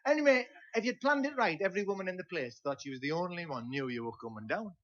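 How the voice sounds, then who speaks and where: A man's voice: high-pitched, expressive, quick pace, fairly bright tone. A man with a Teesside accent telling a rambling comic story on stage, with lots of "see?" asides. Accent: Teesside English. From Teesside, England. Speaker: folk singer and comedian. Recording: dull lo-fi VHS tape transfer.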